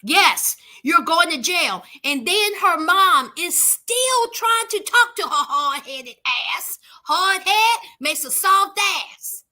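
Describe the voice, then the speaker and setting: A woman's voice: extremely high pitch, animated, takes it slowly, few pauses, pushed and bright. A woman hosting a casual reality TV recap, sassy and emphatic, talking straight to her viewers.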